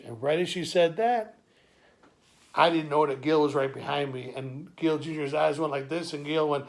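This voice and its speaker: A man's voice: a little high, normal speed, vocal fry. A man telling an improvised comic story in a streetwise, wisecracking way, sometimes stammering through asides. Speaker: comic monologuist.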